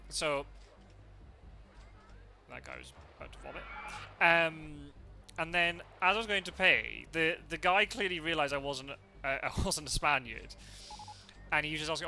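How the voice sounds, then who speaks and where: A man streams a game live and chats casually, telling rambling anecdotes, laughing often and swearing now and then. His voice is very bright and sits a little high for a man. There is a faint hiss behind him. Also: sing-song, moderate pace. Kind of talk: casual chat while playing live.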